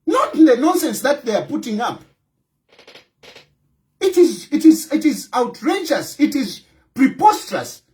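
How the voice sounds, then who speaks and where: A man's voice: very high-pitched, sing-song, a little slow, pauses often, a little mellow. A Zambian man with a Zambian accent, an opposition party leader giving impassioned political commentary, emphatic and scolding, repeating his points.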